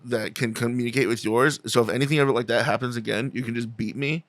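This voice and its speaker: Dude on a podcast reacting hard, cusses constantly, average pitch, dead dry sound. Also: male voice, steady tone, quick pace, no echo. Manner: reactive, loud and profane, laughs easily. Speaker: podcast co-host. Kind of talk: casual podcast banter. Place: podcast studio.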